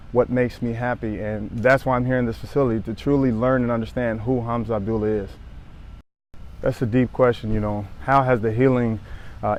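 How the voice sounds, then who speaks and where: A man's voice: medium pitch, a little hiss or hum. A man in his thirties from Southern California, a former pro football player, telling his own story to the camera in an earnest, reflective way, often repeating phrases and restarting. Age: 30s. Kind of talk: personal testimony to camera.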